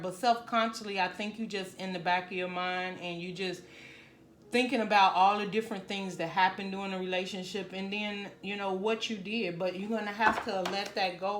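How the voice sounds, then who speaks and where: A woman's voice: mid-range voice, a little hiss or hum. Earnest woman tarot reader in echoey room. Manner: conversational, earnest, leans on "you know" and "right?". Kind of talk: tarot love reading to camera.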